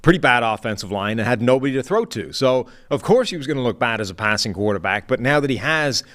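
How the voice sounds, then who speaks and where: A man hosting a casual sports discussion as a football analyst, measured and analytical as he lays out his points one by one. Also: medium pitch, lively intonation, a bit bright. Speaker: show host and football analyst.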